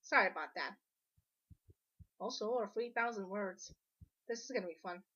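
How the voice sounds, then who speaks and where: A woman's voice: mid-range voice, normal speed, sharp tone. A woman with a sore throat delivering a blunt, lecturing commentary rant with casual profanity, recorded on a dull lo-fi mic. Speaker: online drama commentator.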